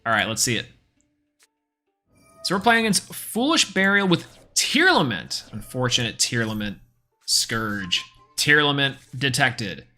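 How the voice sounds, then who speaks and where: Male streamer, bright tone, loose running commentary. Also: medium pitch, big pitch swings, unhurried, faint music behind. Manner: casual, chatty play-by-play, thinking aloud. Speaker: game streamer. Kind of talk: live gameplay commentary.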